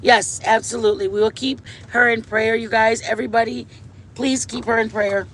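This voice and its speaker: A man's voice: very high-pitched, flat delivery, moderate pace, fairly bright tone, slight background noise. A man hosting a casual livestream on wireless earbuds, gushing and affectionate, swearing playfully at his viewers. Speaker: livestream host.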